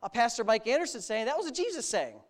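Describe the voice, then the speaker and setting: A male pastor preaching a sermon, animated, building his points through long repeated lists. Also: very high voice, quick pace.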